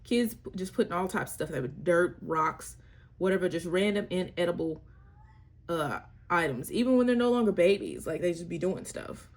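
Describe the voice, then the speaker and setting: A woman's voice: on the low side, expressive, moderate pace. A young mother, chatting candidly and wryly about parenting in a casual vlog. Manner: candid, wry, slangy, breaks into playful voices. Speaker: mother sharing parenting tips. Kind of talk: casual chat.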